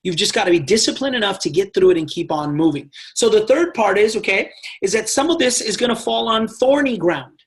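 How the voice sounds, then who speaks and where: A man with a notably high-pitched voice coaches a sales team. His delivery is animated and direct, and he punctuates his points with constant check-ins to his listeners. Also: a little fast. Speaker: network marketing trainer. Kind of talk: motivational team training talk.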